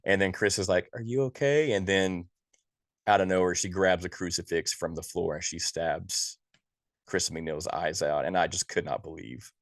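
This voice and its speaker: Male podcast co-host, very low voice, dry close sound, exasperated and profane ranting. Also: level tone, moderate pace, dry recording. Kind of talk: casual movie review chat.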